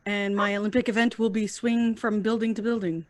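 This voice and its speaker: A woman playing in a live improv comedy game, animated and exclamatory. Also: medium pitch, a little fast, background noise. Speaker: improv player.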